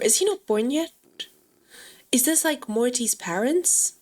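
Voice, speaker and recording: A woman giving chatty, excitable gameplay commentary and talking straight to her viewers. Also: fairly high pitch, a little slow. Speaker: gaming channel host.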